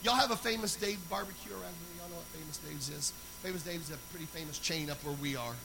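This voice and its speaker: A man preaching a sermon, moving between loud, sung exhortation and quiet, conversational storytelling. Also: fairly high pitch, quick pace, vocal fry, poor audio.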